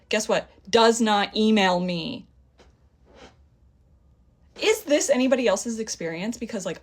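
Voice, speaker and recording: Heated young woman telling a story. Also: medium pitch. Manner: heated, indignant, retells a dialogue with quick back-and-forth. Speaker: vlogger. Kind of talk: casual storytime rant.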